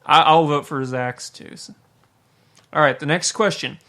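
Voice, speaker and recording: Guy hosting a chill podcast, kinda high voice, bright, laughs a lot. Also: measured pace. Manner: laughs often, eager banter. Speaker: podcast host. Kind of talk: casual chat.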